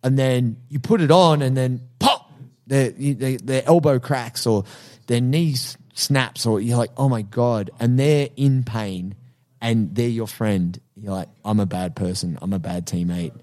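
A man talks through a story on a casual podcast. He is animated and acts out his own reactions as he goes, and his voice sits at an ordinary middle pitch. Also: measured pace. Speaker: podcast co-host and jiu-jitsu coach.

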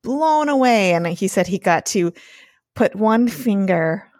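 A woman's voice: medium pitch, lively intonation, unhurried, a little mellow, dry recording, clean studio sound. A woman co-hosting a casual podcast, laughing often and swearing freely. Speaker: podcast co-host.

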